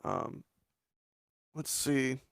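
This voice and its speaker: A man co-hosting a casual live show, upbeat and quick to laugh, with many fillers. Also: medium pitch, expressive, gravelly, no echo, studio quality. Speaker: co-host.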